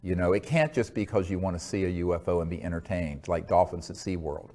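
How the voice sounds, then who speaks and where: Male interview guest, low voice, measured and earnest, hesitant with fillers. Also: warm tone. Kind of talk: earnest conversational storytelling.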